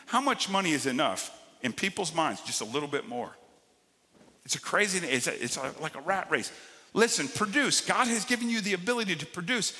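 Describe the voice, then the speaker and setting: A man preaching a sermon as pastor, swinging between loud emphatic lines and quiet drawn-out ones. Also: high voice, expressive, long reverb tail.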